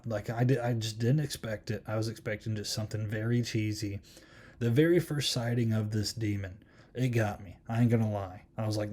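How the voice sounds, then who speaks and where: A man's voice: on the low side, steady tone, a little fast, warm tone. A man hosting a podcast, chatting casually through a horror film review and rambling with many ums and likes. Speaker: podcast host.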